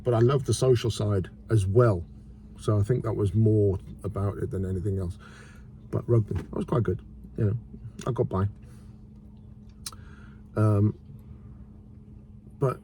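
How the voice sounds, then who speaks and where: Chatty middle-aged guy rambling on a vlog outside, mouth full, low-ish warm voice. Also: unhurried, long pauses, slight background noise. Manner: chatty, rambling, eating while talking. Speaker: vlogger. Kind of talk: rambling casual chat to camera. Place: outdoors in a city square.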